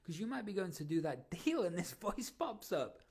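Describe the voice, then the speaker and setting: Man, podcast host, motivational coaching, animated swooping pitch. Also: moderate pace, husky. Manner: energetic, coaching listeners with questions.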